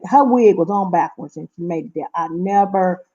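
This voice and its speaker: A woman's voice: on the low side, moderate pace, dark tone, highs cut off. A middle-aged woman from Seattle telling stories to camera in a casual vlog, talking emphatically and repeating herself. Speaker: vlogger.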